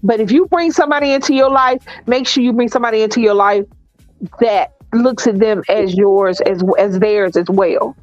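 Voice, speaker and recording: A woman's voice: a little high, no room sound, muffled recording, faint music behind. Blunt Southern woman, dry close sound. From American South. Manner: blunt, opinionated, drawn-out emphasis. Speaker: co-host. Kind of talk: casual podcast chat.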